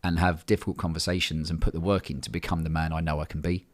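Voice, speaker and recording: A man's voice: extremely low pitch, level tone, fast talker. A man, talking bluntly and casually in a podcast conversation, swearing freely. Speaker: men's coach, podcast guest.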